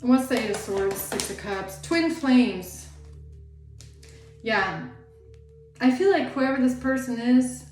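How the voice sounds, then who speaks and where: A woman's voice: fairly high pitch, animated, slow, pauses often, darkish tone, faint music behind. A woman giving a casual tarot reading, rambling and chatty, with lots of "like" fillers. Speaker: tarot reader. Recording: roomy echo, faint background noise.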